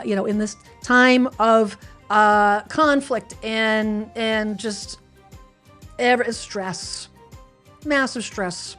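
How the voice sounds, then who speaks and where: A woman hosting her weekly livestream, talking casually and rambling a little as she answers viewers' comments. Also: medium pitch. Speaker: livestream host.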